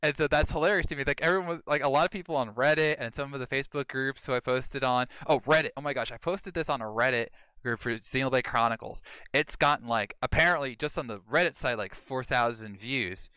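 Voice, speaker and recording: A man hosting a podcast in casual chat, an animated storyteller who mimics people in high voices. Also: fast, clean tone, no echo, lo-fi sound. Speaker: podcast host.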